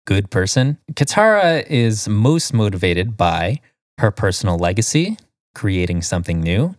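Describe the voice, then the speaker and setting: A man's voice: on the low side, sing-song, a little slow, no room sound, clean studio sound. A man co-hosting a podcast, reading quiz questions and answer lists in casual chat, laughing often. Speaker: podcast co-host.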